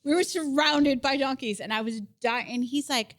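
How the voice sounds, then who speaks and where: A woman in her thirties co-hosting a podcast, telling a story in a casual, animated way and laughing often. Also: high voice, moderate pace, hardly any pauses. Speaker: podcast co-host. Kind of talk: casual chat.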